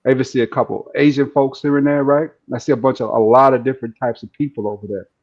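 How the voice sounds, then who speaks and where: A man, calmly analyzing other streamers in casual chat, often asking "you know what I'm saying". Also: mid-range voice, fast talker. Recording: dull lo-fi stream audio.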